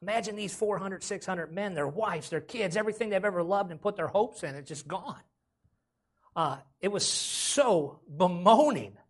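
A man's voice: sits high, animated, moderate pace. A man preaching a sermon as pastor, with folksy casual grammar and frequent calls of "amen?".

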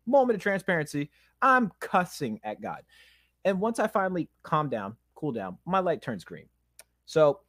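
A man hosting a podcast, telling a personal story in a candid, animated way, with loud emphasis and quiet asides. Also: fairly high pitch, no room sound, clean studio sound. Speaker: podcast host.

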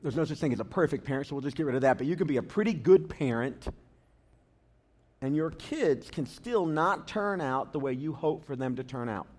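A man's voice: mid-range voice, expressive, a little fast, a little mellow. A man preaching a sermon as a pastor, talking conversationally and telling funny stories to the congregation. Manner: conversational and humorous, tells anecdotes.

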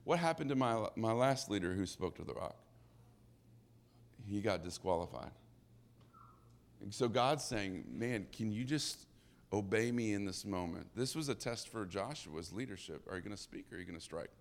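A man preaching a sermon in a lively, conversational way, acting out the characters' dialogue. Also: lowish voice, normal speed, gravelly, pauses often. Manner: animated, conversational, acts out dialogue.

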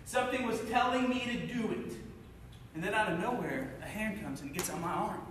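Guy from cincinnati giving his testimony, kinda high voice, big echoey hall, mic far off. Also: a little fast, background noise. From Cincinnati, USA. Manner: intense storytelling, swinging between loud and hushed. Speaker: speaker sharing his testimony. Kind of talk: personal testimony to an audience.

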